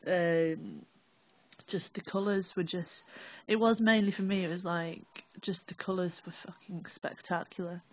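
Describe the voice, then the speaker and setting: A young woman with a Northern English accent, recalling an experience in a halting, rambling, sweary way. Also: lowish voice, steady tone. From England. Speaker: vlogger. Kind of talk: casual first-person recollection. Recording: dry, tinny phone-like audio.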